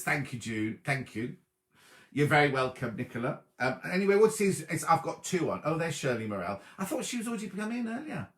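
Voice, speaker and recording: A man hosting a sewing show in a chatty, easily distracted way, reading viewer comments out loud from his sofa at home. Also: on the high side, reverberant. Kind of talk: casual livestream chat reading viewer comments.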